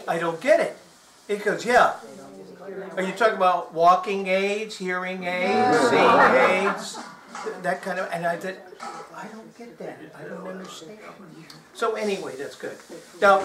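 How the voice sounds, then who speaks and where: Chatty man doing comic magic patter. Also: high voice. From Texas. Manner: chatty, joking, asks the audience questions. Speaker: stage magician. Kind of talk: comic stage patter to a live audience. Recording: roomy live hall sound.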